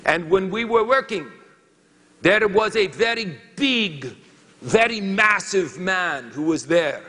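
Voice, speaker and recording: A man playing a boastful French lumberjack who tells a comic tale in halting, broken English with a put-on French accent, in a reverberant hall. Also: high voice, animated, pushed and bright, exaggerated voice. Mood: storytelling.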